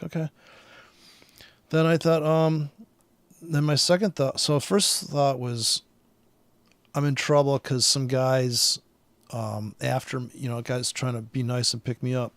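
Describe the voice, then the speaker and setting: A man's voice: medium pitch, normal speed, vocal fry, no echo. A man in a rambling, profane vlog rant, angry and restless, full of fillers. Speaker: vlogger.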